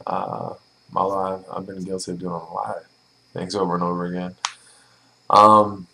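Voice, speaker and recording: A man's voice: sits low, little pitch movement, normal speed, creaky, pushed and bright, a little hiss or hum, low-quality recording. A young man casually answering viewer questions in a vlog, blunt and profane, with plenty of ums and likes. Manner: blunt, swears freely, lots of filler.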